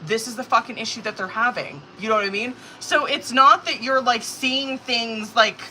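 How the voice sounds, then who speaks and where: Bright-voiced, profane woman tarot reader. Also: a little high, moderate pace, slight background noise, low-quality recording. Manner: casual, profane, filler-heavy, anxious reactions. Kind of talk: live-stream tarot reading.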